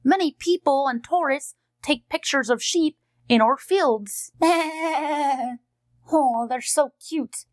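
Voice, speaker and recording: A woman's voice: sits high, slow, no room sound. A woman voicing a cheerful friendly female dog who hosts a kids' educational unboxing video, chatty, sweet and teacherly.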